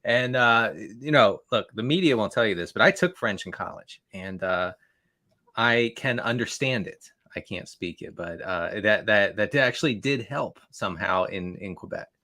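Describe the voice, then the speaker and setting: A man's voice: on the low side, expressive, moderate pace, bright, forceful tone. A man guesting on a fantasy football podcast, rambling and repeating words as he talks. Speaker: guest analyst.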